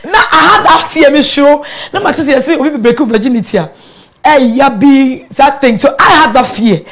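High-voiced Ghanaian woman telling her story. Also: a little fast, a little hiss or hum. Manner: animated, laughing often, mixing local words into English. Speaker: guest. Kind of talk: candid personal storytelling in an interview.

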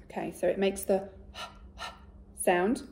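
A woman teacher giving a recorded phonics lesson to young children, speaking slowly and clearly and praising often. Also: mid-range voice, level tone, darkish tone. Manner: slow, clear and encouraging, with much praise. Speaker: primary school teacher.

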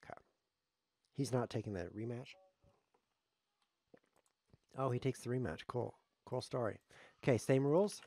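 A man's voice: medium pitch, a little slow, pauses often, dark tone, dry recording. A man streaming live chess, commenting on his games in a sarcastic, joking way as he plays. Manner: sarcastic, joking, talks to himself while playing.

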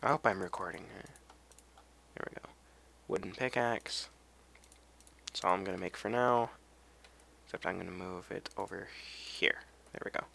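A young man chatting his way through a game at his desk, tired and a little cracked in the voice, with a low, gravelly tone that still sounds bright and sharp. He rambles and pokes fun at himself, and faint keyboard clicks tick along behind him. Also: normal speed, long pauses, slight background noise. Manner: rambling, self-deprecating, chatty asides. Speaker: let's play gamer. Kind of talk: casual game commentary.

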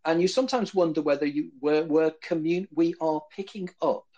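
A man's voice: on the high side, steady tone, normal speed, warm tone, highs cut off. A man speaking to a live audience in a lecture-style discussion, talking at length and repeating words as he thinks. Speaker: guest speaker answering an audience. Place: live event room.

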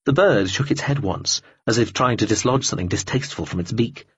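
A man narrating an audiobook in a measured, even reading, in a dull lo-fi recording. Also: fairly low pitch, breathy edge.

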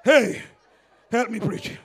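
A man with a Grenadian accent preaching a sermon in church, telling a story with laughter and building to shouts. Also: very high voice, takes it slowly, husky, some chatter behind.

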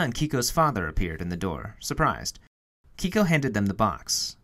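A man's voice: on the low side, big pitch swings, moderate pace, sharp tone. A man reading a children's picture book aloud for a museum storytime, telling it expressively. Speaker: storytime reader.

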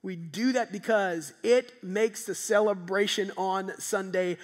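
Male pastor, high voice, sermon in a church with long echo. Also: unhurried. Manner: animated, rising to loud emphatic peaks then dropping soft. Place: church sanctuary. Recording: long hall reverb.

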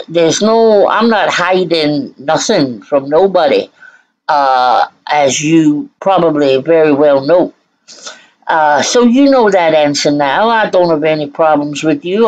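A woman's voice: sits low, darkish tone, lo-fi sound. A woman from Scotland hosting a reaction commentary, answering critics with sarcastic, mock-sweet retorts. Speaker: channel host.

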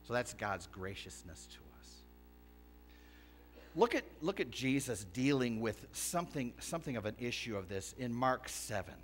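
A man's voice: mid-range voice, very animated, moderate pace, soft background music. A pastor preaching a sermon in a church, switching between casual talk and emphatic scripture reading. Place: church sanctuary.

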